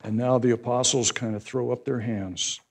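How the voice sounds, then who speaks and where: A man's voice: mid-range voice, normal speed, vocal fry. Man preaching in a casual, rising voice. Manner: conversational preaching that swells to loud, lively emphasis. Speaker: pastor. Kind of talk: sermon.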